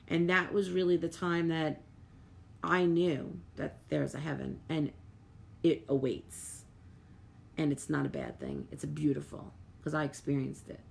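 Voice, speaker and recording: A woman's voice: on the low side, creaky, a little mellow. A middle-aged woman medium, hosting a live stream and talking earnestly to viewers, with lots of "like" and repeated words. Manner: reads out viewer comments and thanks viewers by name.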